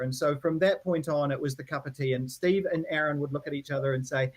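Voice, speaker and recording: A man's voice: on the high side, quick pace, hardly any pauses. A man, a band member telling a laughing, rambling studio story and mimicking voices. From New Zealand. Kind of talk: casual storytelling interview.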